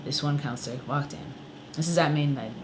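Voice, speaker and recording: A man's voice: a little high, brisk, noisy background. A man, a songwriter, ranting angrily in a casual vlog, swearing often and filling with "you know" and "like". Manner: angry, profane, many fillers. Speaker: songwriter vlogger.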